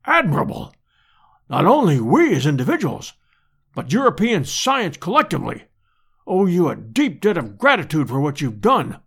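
A man's voice: a little high, huge pitch swings, normal speed, gravelly, a bit bright, husky, full character voice. A man reading an audiobook and voicing a pompous, vain elderly professor who speaks in lofty formal phrases.

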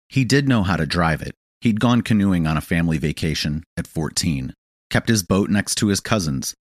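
A man reading a literary audio play in a measured, understated storytelling manner, close to the microphone. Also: low voice, lively intonation, no echo. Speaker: audiobook reader. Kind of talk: scripted narration of an audio play.

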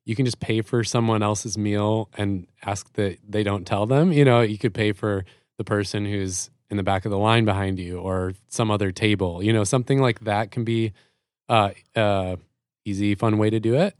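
Male podcast co-host, fairly low voice, upbeat and affirming, dry sound. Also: steady tone, moderate pace, a little mellow, no echo. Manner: affirming, upbeat, laughs easily. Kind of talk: casual podcast chat.

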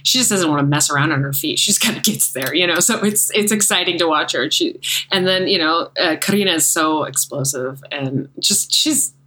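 Bright-voiced American woman, chatty. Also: sits low, a little fast, poor audio. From United States. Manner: rambling, self-deprecating, laughs often. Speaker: MMA commentator and podcast co-host. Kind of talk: casual podcast chat.

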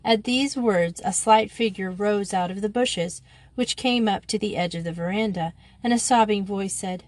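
A woman narrating a children's novel in a steady, measured reading. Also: mid-range voice, no echo. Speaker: audiobook narrator. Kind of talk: scripted narration.

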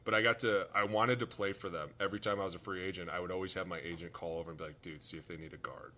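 Brief: lower-pitched man, quick and bright, animated storyteller acting out quotes. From Cleveland. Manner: animated storyteller, acts out quotes with whispers and laughs. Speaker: podcast co-host, former NFL player. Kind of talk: casual storytelling.

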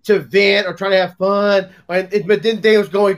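Man, high voice, casual podcast banter, acts out quotes. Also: normal speed, hardly any pauses. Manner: animated, acts out quotes in a mocking voice. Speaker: podcast co-host.

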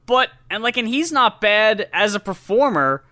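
A man hosting a podcast in casual chat, trading quick quips and giving the sign-off. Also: sits high, lively intonation, bright, forceful tone. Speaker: podcast host.

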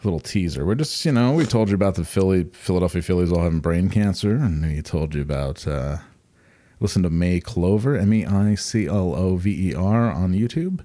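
A man's voice: low-pitched, lively intonation, brisk, mellow. A man co-hosting a podcast in casual chat, rambling and laughing as he talks. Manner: rambling, laughing, many "like" fillers. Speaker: podcast co-host.

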